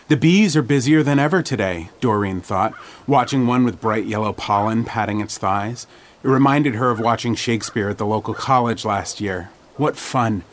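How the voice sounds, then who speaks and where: A man's voice: lowish voice, slight background noise. Man narrating a horror story. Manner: measured, dramatic storytelling. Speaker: podcast host and storyteller.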